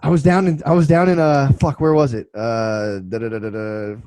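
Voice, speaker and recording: A man's voice: medium pitch, little pitch movement, moderate pace, a little mellow, no echo, rough recording. A man in his twenties co-hosting a casual podcast, telling loose, profane stories full of restarts. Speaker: podcast co-host.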